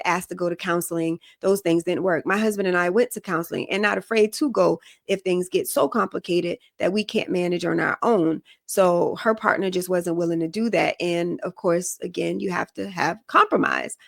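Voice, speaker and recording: A woman's voice: lowish voice, steady tone, normal speed, vocal fry, few pauses, dry recording, studio quality. A woman hosting a podcast, giving relationship advice in a frank, casual way and often checking that listeners follow her. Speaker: podcast host.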